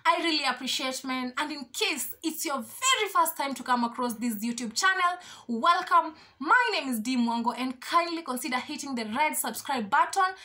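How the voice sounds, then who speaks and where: Young woman vlogger, super excited and thankful, bright sharp voice. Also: high-pitched, moderate pace. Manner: gushing and grateful, repeats herself. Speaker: YouTuber. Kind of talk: excited casual vlog talk.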